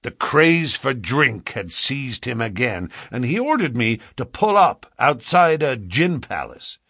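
A man's voice: medium pitch, big pitch swings, a little slow, sharp tone, breathy edge, no room sound, clean studio sound. A man reading a classic novel aloud as dramatic first-person narration. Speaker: audiobook narrator.

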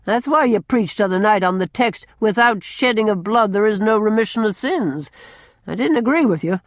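Brief: woman reading as a bold old man, gruff and needling, voice swings widely. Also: mid-range voice, animated, moderate pace, no echo, studio quality, voice pushed up, natural voice. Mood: scornful. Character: blunt loud older man who baits parsons.

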